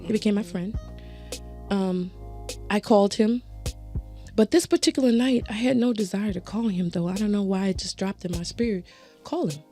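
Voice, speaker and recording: Animated woman telling a story. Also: mid-range voice, moderate pace, long pauses, soft background music. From Southern United States. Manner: animated storyteller, acts out quoted voices, laughs often. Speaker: guest. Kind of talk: storytelling in casual conversation.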